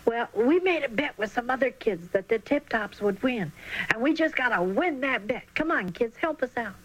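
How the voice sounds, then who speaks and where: A woman doing a gruff, scheming boy bully. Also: fairly high pitch, expressive, moderate pace, voice pushed up, poor audio. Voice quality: gruff, whispering.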